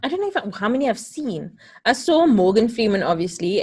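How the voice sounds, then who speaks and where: A woman's voice: on the high side, sing-song, moderate pace, darkish tone, slightly rough. A South African woman hosting a podcast in a casual, easygoing chat, laughing often. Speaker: podcast host.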